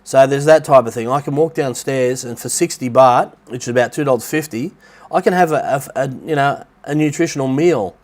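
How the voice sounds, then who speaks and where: A middle-aged man with an Australian accent chats loosely on a livestream from his flat, his voice stuffy and nasal from a blocked nose. He rambles from point to point in an easy, middling pitch and greets viewers by name as he goes. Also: brisk. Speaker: livestream host. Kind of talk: casual livestream chat. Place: rented apartment near the beach in Thailand.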